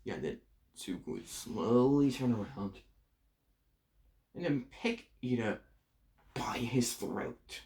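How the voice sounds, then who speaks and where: A man narrating an improvised fan story, halting and full of fillers, with a husky voice. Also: mid-range voice, animated, a little mellow. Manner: halting, filler-heavy, many restarts.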